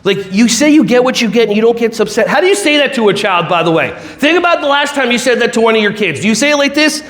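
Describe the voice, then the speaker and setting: A man giving a lively, joking keynote talk to a conference audience, drawing them in with questions and then guiding them through slow breathing. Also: extremely high pitch. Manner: animated, jokey, audience-involving; slow soothing breath-work guidance. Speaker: keynote speaker.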